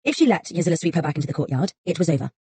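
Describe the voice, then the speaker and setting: Woman reading an audiobook, low dark voice, kinda husky, soft and unhurried. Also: very animated, no echo. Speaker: audiobook narrator. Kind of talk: audiobook narration.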